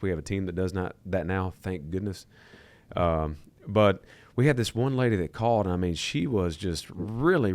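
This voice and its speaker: Deep-voiced man telling stories casually. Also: no echo. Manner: relaxed storytelling with fillers and repeated words. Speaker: podcast co-host, company leader. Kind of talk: casual podcast conversation.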